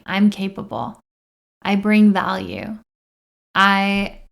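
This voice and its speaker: A woman's voice: medium pitch, takes it slowly, creaky. A woman hosting a self-help podcast, talking casually and earnestly as she coaches listeners through example affirmations. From United States. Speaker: podcast host.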